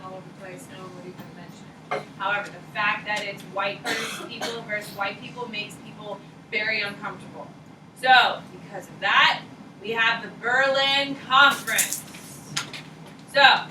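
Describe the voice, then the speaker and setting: A woman history teacher lectures a class in a casual, emphatic way, stressing key points and checking in with "okay" as she goes. Her voice sits fairly high, and it comes from a distance in a roomy classroom with steady background noise. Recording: roomy echo, distant mic, noisy.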